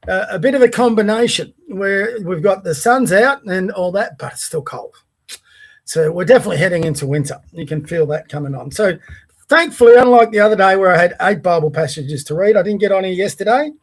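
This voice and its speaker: A man with an Australian accent hosting a casual daily podcast, rambling and chatty, stopping to talk to his dog. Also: sits high. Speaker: podcast host. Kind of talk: casual solo vlog chat. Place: home by the bay.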